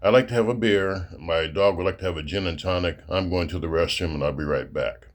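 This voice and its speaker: A plain-spoken dog owner at a bar, voiced by a man telling a joke. He talks in an everyday way, with a deep voice. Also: a little fast, lightly acted. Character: exasperated male dog owner.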